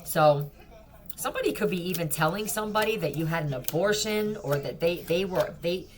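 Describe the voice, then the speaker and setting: Low voiced woman doing a tarot reading, blunt, swears a lot, pokes fun. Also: animated, brisk. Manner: blunt, profane and mocking. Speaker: tarot reader. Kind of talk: casual tarot reading vlog.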